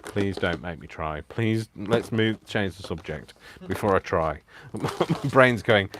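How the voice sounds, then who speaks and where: A man's voice: low voice, expressive, takes it slowly, fairly bright tone, a little hiss or hum. A man hosting a live craft stream, chatty and self-mocking, laughing often as he works. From United Kingdom. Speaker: crafting channel host.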